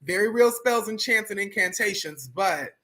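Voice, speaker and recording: A spiritual teacher on a livestream, chanting syllables slowly and deliberately and laughing at themselves between chants. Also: medium pitch, animated, pushed and bright.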